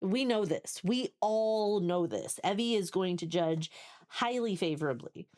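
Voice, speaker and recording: A woman's voice: medium pitch, lively intonation, a little slow, a little mellow. A woman with a New Jersey accent streaming a game, chatting with her viewers in a casual, swearing, talkative way. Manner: chatty, swears, talks to chat, restarts often. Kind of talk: casual live stream chat.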